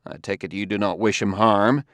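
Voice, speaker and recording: A man's voice: on the low side, fairly even intonation, moderate pace, a bit bright, no echo, lightly acted. A man reading an audiobook, voicing a determined Earthman detective who speaks in a clipped, insistent way.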